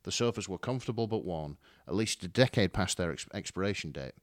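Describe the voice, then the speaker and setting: A man narrating a fan story with a dramatic, wry delivery. His voice sits on the low side yet moves very expressively. The recording is close and dry. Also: lively intonation, quick pace, no room sound. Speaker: story reader. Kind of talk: expressive fan fiction reading.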